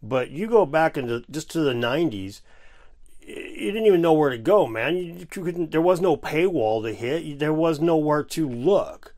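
Reacting to a clip on his casual video, this host has a voice on the high side and talks at a normal speed. His animated rant is sarcastic and laced with profanity.

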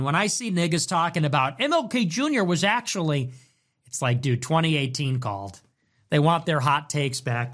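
A man hosting a livestream, reacting to chat messages in a sarcastic, mocking way with quick swings in tone. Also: a little high, a bit bright. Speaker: livestream host.

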